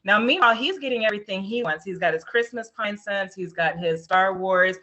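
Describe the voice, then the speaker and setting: Bright-voiced woman hosting a video call. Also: medium pitch, brisk, muffled recording. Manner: animated storyteller. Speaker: host. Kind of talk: casual chat on a video call.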